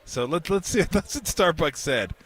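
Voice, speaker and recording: A man's voice: on the high side, normal speed, husky. A man in his fifties co-hosting a sports radio show, telling a story in casual banter and acting out the quotes. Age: 50s. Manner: animated storyteller, repeats himself, acts out quotes. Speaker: radio co-host. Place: convention hall radio row booth.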